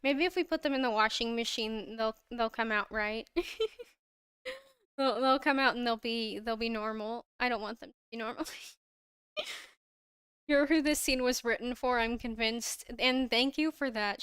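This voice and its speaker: A woman's voice: fairly high pitch, normal speed, fairly bright tone, clean tone, no echo. A young woman chatting casually on her livestream, gushing about a fandom with frequent giggles and restarts, close to her own microphone. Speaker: livestream host.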